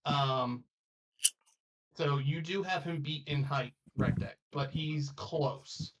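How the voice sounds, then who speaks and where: A man narrates a tabletop game as its game master, slow and unhurried, with laughter breaking into his rambling descriptions. He sits back from the mic, so his voice comes across a little distant. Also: fairly high pitch. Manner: laughs often, loose and rambling.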